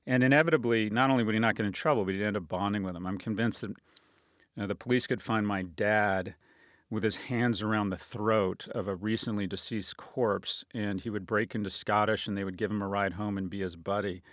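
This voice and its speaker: A middle-aged man hosting his podcast in a comedic monologue, swinging from grand announcer tones to low, wry asides. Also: fairly even intonation, brisk, no room sound. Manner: bombastic, self-mocking, swings from loud announcer to low aside. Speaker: podcast host.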